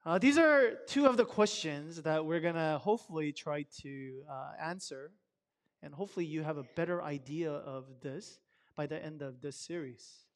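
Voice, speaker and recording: High-voiced man chatting to a congregation. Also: normal speed. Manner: conversational, asks the audience many questions; loose and chatty, filler words. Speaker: speaker at a Sabbath service. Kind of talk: casual talk to a congregation. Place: church service. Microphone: microphone.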